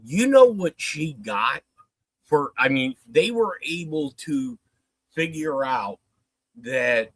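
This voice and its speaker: Man, storyteller type, profane and animated, quotes everyone, mid pitch, dry close mic. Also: takes it slowly, no echo, rough recording. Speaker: guest telling a story. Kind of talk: casual storytelling on a livestream.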